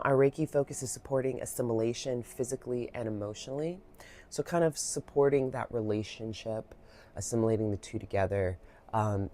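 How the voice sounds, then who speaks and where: A woman giving a reflective guided Reiki talk, soft-spoken, heartfelt and rambling, with many fillers, a little emotional. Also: extremely low pitch, vocal fry, slight background noise. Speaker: Reiki practitioner.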